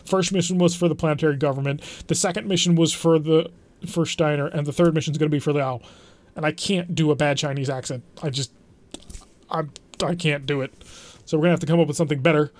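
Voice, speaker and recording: A man's voice: on the high side, darkish tone, no room sound. A man hosting a game let's play, commenting in a wry, chatty, self-deprecating way as he plays. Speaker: gaming channel host.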